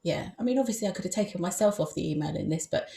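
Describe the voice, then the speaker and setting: Young woman with a gravelly voice. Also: fairly low pitch, lively intonation, very fast, mellow, slight background noise. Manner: hesitant, many fillers. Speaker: podcast host. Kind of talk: conversational podcast interview. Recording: roomy echo.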